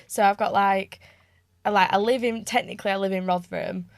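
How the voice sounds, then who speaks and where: A woman's voice: mid-range voice, steady tone, fairly quick, no echo, clean studio sound. A woman from South Yorkshire with a northern English accent, a guest chatting casually and rambling a little. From South Yorkshire, England. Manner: chatty, rambling, unsure phrasing. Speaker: guest, business founder. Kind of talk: casual chat.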